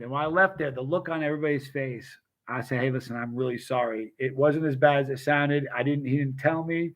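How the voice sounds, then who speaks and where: A man's voice: medium pitch, a little fast, rough recording. A middle-aged man casually telling rambling personal stories, often restarting his sentences and greeting viewers by name. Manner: rambling, self-interrupting, addresses viewers by name. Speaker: vlogger chatting with live chat.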